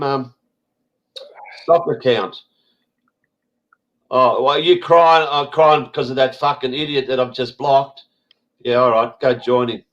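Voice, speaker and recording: An Australian man hosting a casual online roundtable over a video call, blunt and quick to swear. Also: mid-range voice, muffled recording. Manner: blunt, swears freely, irritable asides. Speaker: host.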